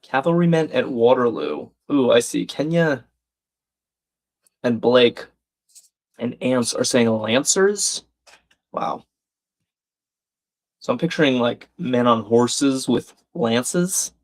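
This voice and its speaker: A man's voice: mid-range voice, animated, slow pace, pauses often. A man hosting a live crossword stream, thinking aloud, reading out viewers' chat comments and laughing often.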